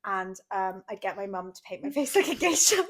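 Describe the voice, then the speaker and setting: A woman's voice: medium pitch, big pitch swings, fairly bright tone. A woman guesting on a podcast, chatting casually and cracking playful jokes. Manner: joking, playful, quick asides. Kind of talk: casual chat.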